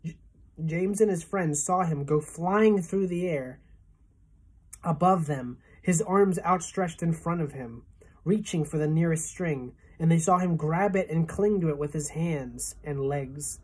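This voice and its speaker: A woman teacher reading a children's novel aloud in an expressive storytelling manner, with a husky voice. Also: low voice, unhurried.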